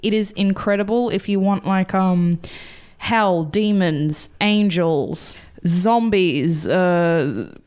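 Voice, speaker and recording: A woman's voice: on the low side, slow, hardly any pauses, darkish tone, clean tone. A woman hosting a podcast and telling a story in a casual, rambling, chatty way. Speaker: podcast host.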